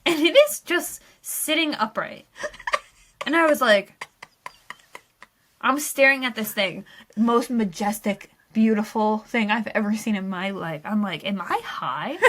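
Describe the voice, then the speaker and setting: A young adult woman co-hosting a podcast, telling a story in casual chat with animated, breathless energy and a lot of laughter. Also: on the high side, measured pace, background noise. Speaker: podcast co-host.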